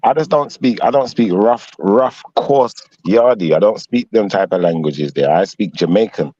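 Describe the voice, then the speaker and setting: A man's voice: on the low side, moderate pace, mellow, no echo, highs cut off. A man with a South London accent, teasing and mocking the others in casual panel banter. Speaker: panel host.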